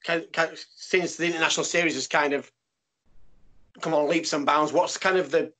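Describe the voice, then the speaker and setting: A man's voice: fairly high pitch, steady tone, moderate pace, sharp tone. A British man on a fan podcast panel, asking a long, rambling question with many restarts. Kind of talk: casual podcast chat.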